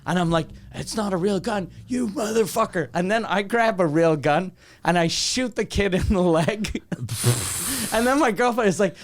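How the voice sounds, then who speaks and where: The podcast host, from Canada, has a high voice and talks at normal speed, with a little hiss or hum in the audio. He spins a rambling, profane comic story and performs the quoted lines of its people.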